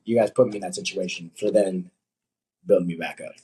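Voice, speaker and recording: A young man, a coach, chatting casually on a podcast, telling animated stories and acting out what people said. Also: low-pitched, brisk, slightly rough, low-quality recording. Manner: animated storytelling, acts out quotes.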